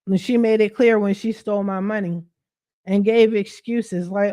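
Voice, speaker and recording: A woman's voice: medium pitch, steady tone, moderate pace, dark tone. A woman credit repair coach talking straight to her followers on a livestream, venting bluntly with plenty of profanity and streetwise slang. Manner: streetwise slang, addresses viewers directly.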